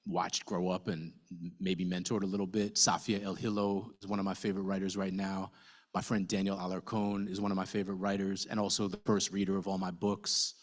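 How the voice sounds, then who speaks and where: A man, a novelist, talking casually to an audience at a book event, telling his story with lively asides and the odd swear word. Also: sits low. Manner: conversational, animated storytelling with fillers and swearing.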